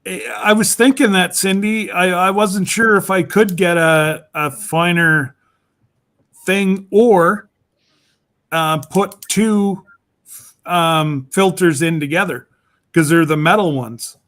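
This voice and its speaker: A man's voice: high-pitched, slow pace, fairly bright tone. A man chatting casually on a video call, rambling and laughing often. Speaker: regular on a group chat show. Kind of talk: casual chat.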